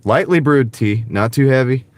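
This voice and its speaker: A man's voice: medium pitch, moderate pace, dry recording. Chatty man with a light Southern accent. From American South. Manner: rambling, chatty, reads and answers viewer comments. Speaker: delivery driver livestreamer. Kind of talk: casual livestream chat while driving. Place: in a car. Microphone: wireless clip-on mic.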